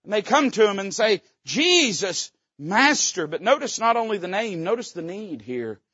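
Brief: male pastor, high voice, fervent folksy sermon delivery, dry and slightly dull recording. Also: very animated, moderate pace, slightly rough, no echo. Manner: fervent, folksy, with sudden loud rises and dips. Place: church sanctuary.

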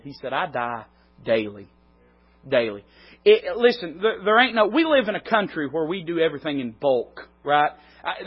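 A man preaches, rising into loud, pressing peaks and falling to near-quiet asides. His voice sits high and husky. The recording is dull and lo-fi. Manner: dynamic preaching, swinging from loud climbs to quiet drops. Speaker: pastor. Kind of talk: sermon.

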